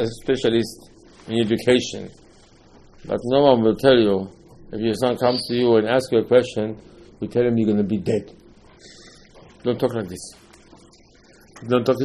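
A man gives an animated Passover sermon as a Torah teacher, full of rhetorical questions and repeated phrases. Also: medium pitch, slight background noise.

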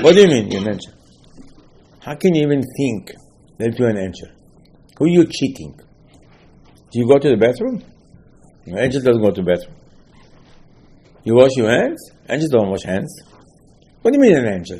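A man's voice: mid-range voice, expressive, a little fast, long pauses, darkish tone, slightly rough. A man teaching a Torah lesson in a loose, emphatic way, repeating phrases and firing rhetorical questions, with slightly broken English grammar. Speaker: rabbi teaching a Torah class. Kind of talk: informal religious lesson.

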